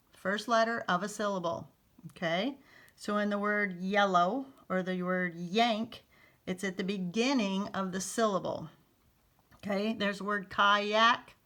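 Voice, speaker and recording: A woman's voice: mid-range voice, pushed and bright. A middle-aged woman teaching a phonics lesson to parents. She talks in an easy, chatty way, says the key rules again and again, and keeps checking in with her listeners. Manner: chatty, repeats key points, asks "okay?".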